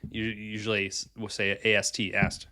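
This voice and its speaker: A young man co-hosting a podcast, chiming in with quick, blunt quips. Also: on the low side, completely flat delivery, pushed and bright. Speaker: podcast co-host. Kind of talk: casual chat.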